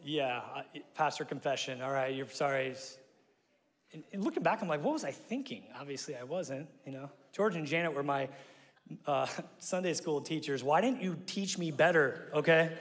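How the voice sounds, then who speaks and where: A male pastor from Omaha, Nebraska, preaches a sermon in a church sanctuary, his fairly high voice moving at normal speed. He tells stories animatedly, acting out quotes with sudden shouts and tossing in jokey, self-mocking asides with laughter. The recording carries the long reverb of a large hall.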